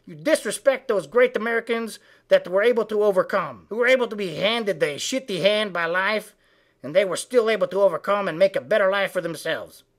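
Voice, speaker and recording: A man voicing a foul-mouthed, indignant male frog who delivers a comic political rant with profane, shouted tirades. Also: high-pitched, brisk, close to an everyday voice. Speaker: web comedy ranter.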